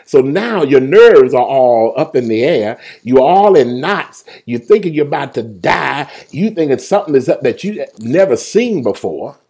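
Guy preaching on a livestream, swoops all over in pitch, jokes around, calls out viewers by name. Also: normal speed, hardly any pauses, husky. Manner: lively, joking, colloquial storytelling; talks straight to listeners by name. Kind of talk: livestreamed sermon talking to online viewers.

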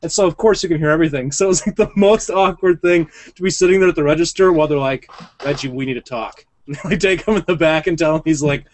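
A man's voice: fairly high pitch, fairly even intonation, quick pace, no echo. A man hosting a casual podcast, telling a rambling story and laughing often. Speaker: podcast host.

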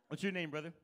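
A man's voice: on the high side, fairly bright tone. A male stand-up comedian on a comedy club stage, doing brash, profane, teasing crowd work with the audience.

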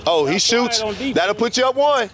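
A man calling pickup basketball from the sideline, excited and trash-talking as he keeps the score. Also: very high-pitched, normal speed. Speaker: courtside commentator filming pickup games. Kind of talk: hype courtside commentary. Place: outdoor basketball court. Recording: noisy crowd at an outdoor court. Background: crowd and bouncing ball.

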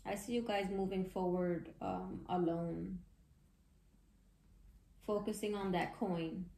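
A woman giving a casual tarot reading, chatty and excitable, with slangy talk and frequent laughs. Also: fairly low pitch, takes it slowly, creaky, echoey room. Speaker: tarot reader.

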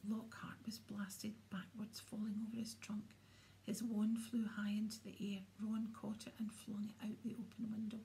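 A woman narrating a storybook aloud in a soft, hushed manner. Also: medium pitch, fairly even intonation, a little slow, vocal fry, slight background noise. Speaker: audiobook reader.

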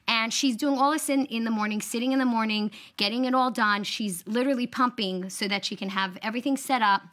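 A woman's voice: fairly high pitch, a little fast, a bit bright. A woman guest on a talk show retelling a family story, acting out quoted lines with animation.

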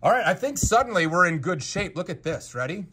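A man giving casual unboxing commentary as a Lego collector, excitable and exclaiming at each find. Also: high voice, fairly quick, slight background noise. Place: home basement.

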